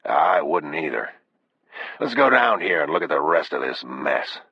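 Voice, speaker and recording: A man voicing a weathered older Texas sheriff with a slow, laconic drawl, calm and grim, in an audiobook reading. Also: very deep voice, creaky, breathy edge, no room sound, exaggerated voice. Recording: dull, dry lo-fi audio.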